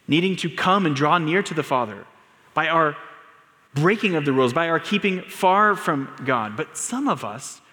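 A man delivers a sermon in a church hall, his voice sitting a little high for a man. He tells stories and rises to emphatic peaks. A long reverb trails every phrase. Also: a bit bright. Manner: storytelling, builds to emphatic raised pitch. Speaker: pastor. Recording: long reverb of a large room.

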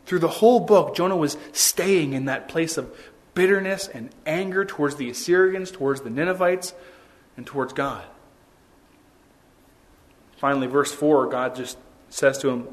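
A man's voice: fairly high pitch, normal speed, long pauses. A man preaching a sermon as a pastor, in a conversational way with many rhetorical questions.

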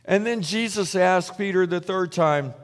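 A man delivers a sermon in an easy, chatty manner, slipping into the voices of the people in his story. His voice sits a little higher than most men's. The sound carries a long reverb, like a church hall. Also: a little slow. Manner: conversational storytelling, acts out quoted voices. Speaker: preacher.

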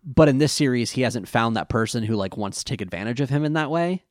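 A man co-hosting a podcast, casually recapping an episode in an animated, rambling way with fillers. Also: mid-range voice, quick pace, no echo, studio quality.

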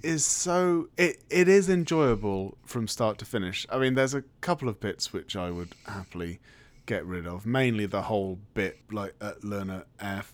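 A man's voice: fairly low pitch, moderate pace. A man hosting a podcast, chatting about a film in a wry, talkative way and asking leading questions. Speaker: podcast host. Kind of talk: casual film chat.

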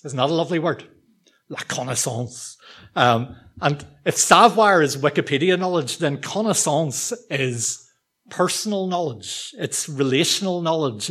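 A man with a fairly high-pitched voice preaches to a church congregation. He talks in an easy, conversational way, teasing himself, and often says um and starts over.

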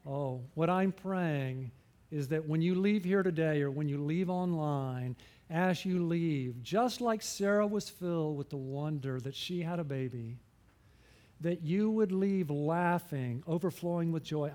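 A man's voice: fairly high pitch, measured pace, darkish tone. A middle-aged man preaching a sermon in a conversational way, often asking the congregation questions and joking at his own expense. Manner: self-deprecating humor. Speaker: pastor.

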